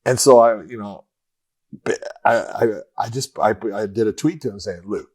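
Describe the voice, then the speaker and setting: A man's voice: lowish voice, moderate pace, darkish tone, breathy edge. A middle-aged man co-hosting a fight podcast, chatting casually and telling stories with plenty of swearing. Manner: profane, storytelling. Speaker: podcast co-host. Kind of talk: casual chat.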